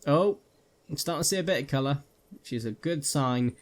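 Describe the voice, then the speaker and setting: A man's voice: medium pitch, fast talker. A man giving jokey live gameplay commentary, talking to his viewers while he plays, on a headset mic. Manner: jokey, jumpy, talks to viewers while playing. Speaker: gaming video creator.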